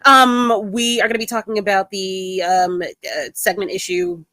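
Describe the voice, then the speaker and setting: A woman's voice: mid-range voice, moderate pace, bright, forceful tone, dry recording. A woman hosting an interview, upbeat and a little hesitant, with frequent ums. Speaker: interview host.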